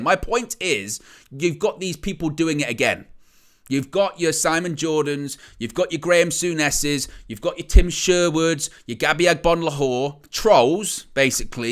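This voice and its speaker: Man, live-stream host, bright tense voice, incredulous ranting, rhetorical questions. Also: a little high. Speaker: host of a fan channel. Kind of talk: live-stream opinion commentary.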